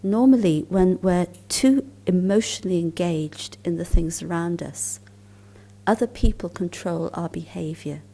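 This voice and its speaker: A woman giving a spiritual talk at a conference, telling stories calmly and unhurriedly, sometimes dropping into soft, near-whispered asides. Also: lowish voice, a little slow, gravelly. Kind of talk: storytelling lecture at a conference.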